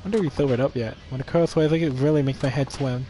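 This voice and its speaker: A man's voice: mid-range voice, steady tone, fast, mellow, faint music behind. Playful male streamer reading a game aloud. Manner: playful, laughs between lines. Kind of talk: reading game dialogue aloud with live commentary.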